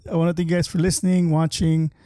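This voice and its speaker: A chatty man hosts a relaxed community podcast over a video call, trailing into fillers and restarts as he talks. His voice sits a little high and sounds dark and mellow, recorded close and dry with almost no room sound. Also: quick pace, no room sound. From Southern California. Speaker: podcast host. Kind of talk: casual interview chat.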